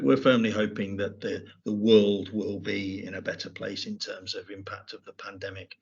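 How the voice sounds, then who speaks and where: A middle-aged man giving a prepared keynote at a conference, speaking in a measured way with frequent restarts and repeated words. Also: on the low side, fairly bright tone, slightly rough, dull audio.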